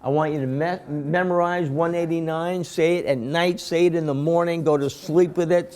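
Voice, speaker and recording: A man with a slightly high voice lectures his class. He explains each step methodically and repeats himself for emphasis. He keeps stopping to quiz his students with quick questions. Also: fairly even intonation, darkish tone. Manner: quizzing students with rhetorical questions. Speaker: instructor.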